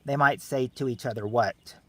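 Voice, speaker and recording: A man hosting a game show game on a livestream, joking with viewers in chat and loudly repeating the answers. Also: mid-range voice, expressive, unhurried. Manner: jokey and teasing, calls out answers loudly and repeats them. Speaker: livestream host running a family game show game. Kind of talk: casual livestream chat, reading viewers' guesses.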